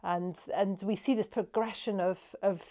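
A woman cellist and music scholar explaining a song, animated and often restarting her sentences. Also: medium pitch, unhurried.

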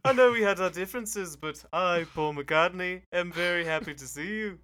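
A man's voice: high voice, normal speed, sharp tone, voice pushed up. A man doing an affectionate impression of a famous Liverpool musician, in a Liverpool accent. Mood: mock-earnest. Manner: mock-earnest, affectionate.

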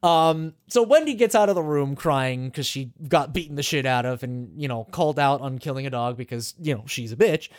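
A man's voice: mid-range voice, fairly quick, hardly any pauses, dry recording, clean studio sound. A man hosting a podcast, recapping a game in casual chat, swearing freely, laughing often and rambling with restarts. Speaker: podcast host.

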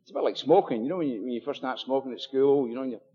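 A man's voice: medium pitch, very fast, slightly rough. Scottish man speaking in an echoing hall. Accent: Scottish, Glasgow area. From Scotland. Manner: chatty, joking, full of fillers and asides. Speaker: AA meeting speaker. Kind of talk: personal recovery talk at a meeting. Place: meeting hall with audience. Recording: dull live recording in a long-echo hall.

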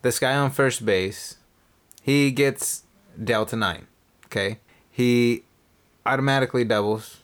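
A podcast co-host tells a casino story during casual chat, animatedly acting out the people involved and swearing freely. His medium-pitched voice moves at a measured pace with frequent pauses.

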